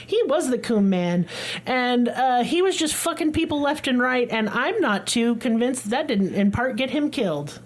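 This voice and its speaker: A woman's voice: on the high side, expressive, normal speed. A woman, co-hosting a podcast in a blunt, profane, joking way. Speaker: podcast co-host. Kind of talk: casual chat.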